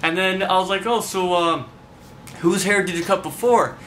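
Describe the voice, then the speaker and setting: A man's voice: high voice, moderate pace, fairly bright tone, slight background noise. A man vlogging an angry, profane, rambling rant straight to the camera. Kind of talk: ranting storytelling to camera.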